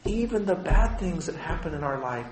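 A man preaching a sermon as a pastor, impassioned and shifting between quiet and loud passages. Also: on the high side, lively intonation, normal speed, reverberant, a crowd in the background.

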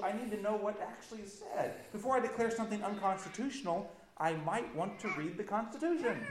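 A man's voice: high voice, roomy sound, rough recording. A man preaching a sermon as pastor, earnest and emphatic, building intensity as he makes his points.

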